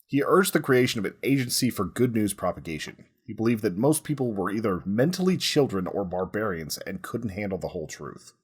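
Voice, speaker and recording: A man with a husky, fairly low voice talks through history on a casual podcast. He explains at an easy pace and keeps dropping "like" as filler. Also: fairly quick. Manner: relaxed, says "like" a lot while explaining. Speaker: podcast co-host.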